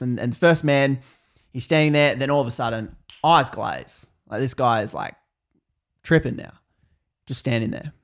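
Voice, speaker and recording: A man's voice: mid-range voice, moderate pace, vocal fry. A young Australian man tells a story on his podcast in a loose, casual way. He laughs often and acts out other people's lines as he goes. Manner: laughs often, animated retelling with quoted voices. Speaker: podcast host.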